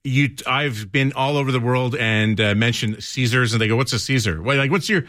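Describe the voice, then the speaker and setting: A man co-hosting a radio show, bantering with quick reactions and laughs. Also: medium pitch, fairly bright tone, no room sound, clean studio sound. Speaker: radio co-host. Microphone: studio mic.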